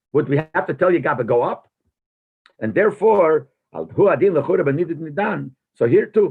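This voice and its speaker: Husky man teaching over a tinny line. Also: fairly high pitch. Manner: reads a phrase aloud, then translates and explains it with rhetorical questions. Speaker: rabbi teaching a class. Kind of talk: text-study lecture. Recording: tinny phone-like lo-fi recording.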